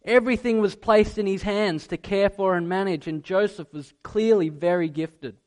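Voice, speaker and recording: High-voiced earnest male preacher. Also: moderate pace. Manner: earnest, emphatic, swings between soft and loud. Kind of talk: sermon.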